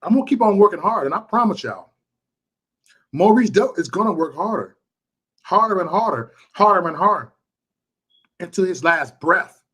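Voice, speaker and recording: A frustrated man from Chicago speaks to his live-stream viewers in a slightly raised voice. He stammers and repeats phrases, swinging between loud outbursts and low, weary muttering. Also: lively intonation, moderate pace, husky. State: frustrated and upset. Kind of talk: emotional live-stream rant.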